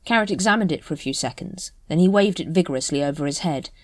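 An audiobook narrator with a deep voice reads a scripted story aloud quickly and expressively, giving the characters their own voices. The recording has no echo.

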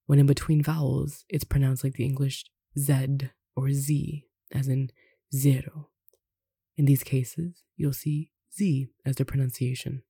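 Gravelly, dark-voiced language tutor. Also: mid-range voice, no room sound, clean studio sound. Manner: unhurried, slowly spells out examples, adds light asides. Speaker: language tutor reading a lesson. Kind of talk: reading an instructional text aloud.

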